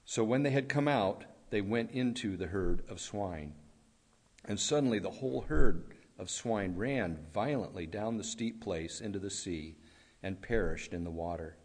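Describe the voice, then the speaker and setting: A man reading a long scripture passage aloud in a measured, steady way. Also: on the low side, breathy edge. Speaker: scripture reader.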